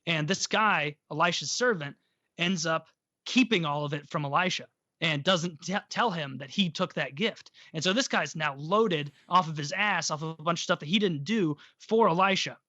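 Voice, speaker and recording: A man with a bright, forceful, fairly high voice retells a story in a casual, irreverent way and swears freely. The sound is dry and somewhat dull. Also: normal speed, no room sound. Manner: irreverent, profane, joking. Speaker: podcast host.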